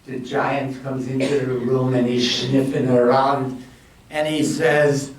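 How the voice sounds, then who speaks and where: A man telling a comic bedtime story, full of puns and drawn-out, jokey phrasing. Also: mid-range voice, flat delivery. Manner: jokey, punning, slow and drawn-out. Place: community hall. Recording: echoey room, mic far off.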